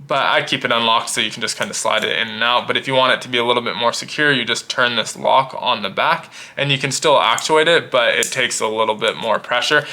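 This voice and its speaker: A man casually demonstrating and reviewing gear, explaining in a relaxed way and thinking aloud with small restarts. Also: medium pitch.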